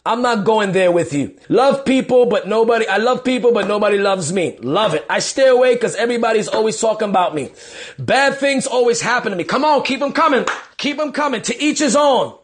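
High-voiced upbeat pastor on a livestream. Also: male voice, animated. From New York City. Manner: upbeat, repeats quick affirmations. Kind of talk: live-stream chat reading viewer comments.

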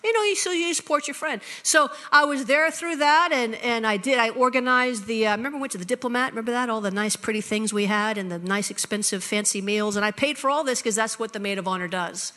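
Lively woman preacher in an echoing hall. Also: on the high side, quick pace, few pauses. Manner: lively conversational storytelling, acting out both sides. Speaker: pastor. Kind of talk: sermon storytelling. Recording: long hall reverb.

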